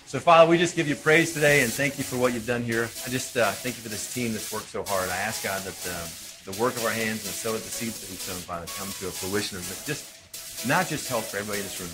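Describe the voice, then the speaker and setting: A low-voiced man leads a fervent prayer at a fast, flowing pace. Clear music plays behind him in the event hall. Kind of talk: spoken prayer.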